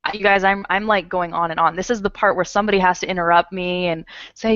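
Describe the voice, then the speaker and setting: A woman's voice: medium pitch, fairly quick, fairly bright tone, dry recording. A chatty woman leads an online English conversation class and rambles along with frequent laughter. Her voice comes through an earphone headset on a video call. The sound is slightly muffled and very dry, with no room around it. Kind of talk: casual online class chat.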